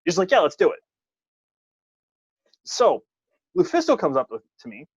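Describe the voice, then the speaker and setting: A man's voice: a little high, moderate pace, slightly rough, dry recording. A man, a wrestling referee, telling a funny story in casual podcast chat, poking fun at himself. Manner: self-deprecating, animated anecdote telling. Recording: dull lo-fi dry podcast audio.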